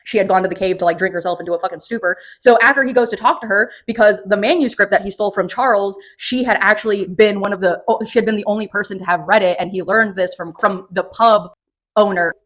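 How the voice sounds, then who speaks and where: A woman giving a casual, profane and sarcastic spoken book review, recapping the plot with animated energy. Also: mid-range voice, fast.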